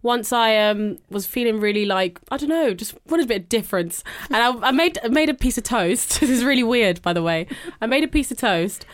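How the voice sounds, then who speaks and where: A woman's voice: a little high, expressive, brisk. A woman co-hosting a podcast, telling chatty, self-deprecating stories. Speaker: podcast co-host. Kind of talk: casual chat.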